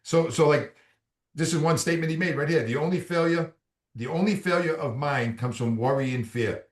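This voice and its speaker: A man with a Boston accent, a guest speaker chatting casually on a group video call, animated and repeating words as he gets going. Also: a little high, fairly quick, roomy sound. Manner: animated storyteller, repeats words when starting.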